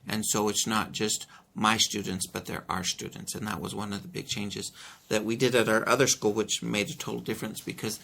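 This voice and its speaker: A man who is an elementary school principal, answering interview questions earnestly, with many pauses and restarts as he explains his school. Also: fairly low pitch, level tone, vocal fry, a bit bright, a little hiss or hum.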